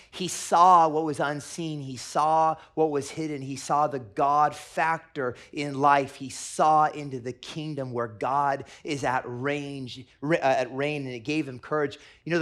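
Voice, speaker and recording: A middle-aged man, a pastor, preaching a sermon and telling stories, going from hushed to loud and excited. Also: medium pitch, a little slow, hardly any pauses. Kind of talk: sermon with storytelling.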